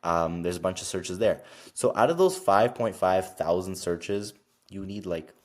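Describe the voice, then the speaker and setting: Young man, very low voice, from Canada, casual explainer, loose filler-heavy talk. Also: expressive. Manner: fast, filler-heavy with frequent "like" and "literally". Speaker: online business creator. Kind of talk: casual screen-share explainer.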